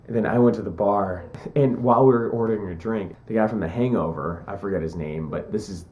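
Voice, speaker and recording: Young man, deep voice, casual vlog storytelling, chatty and joking. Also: a little fast, highs cut off. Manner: chatty, joking, acts out quotes. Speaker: vlogger.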